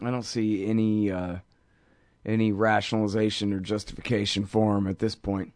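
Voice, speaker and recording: A man's voice: fairly low pitch, level tone, moderate pace, a little mellow, no room sound, clean studio sound. A man hosting a show, ranting sarcastically about politics in a rambling, mocking way. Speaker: host. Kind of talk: casual political rant.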